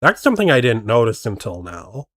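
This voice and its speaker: A man's voice: medium pitch, big pitch swings, brisk, fairly bright tone, no echo, clean studio sound. A man streaming casual reaction commentary, skeptically picking apart how a video was faked. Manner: skeptical, picks apart tricks.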